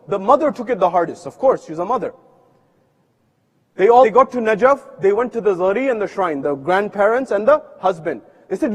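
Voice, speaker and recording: A male preacher telling a story in a sermon, voicing its people and swinging from loud to hushed. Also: high voice. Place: mosque hall. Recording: long hall reverb from a live stream.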